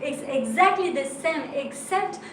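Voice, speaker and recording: Spelling out letters patiently in a live language lesson, this Frenchwoman speaks with a French accent in a high, animated, slow voice. The recording has a very echoey room, a distant mic and faint noise.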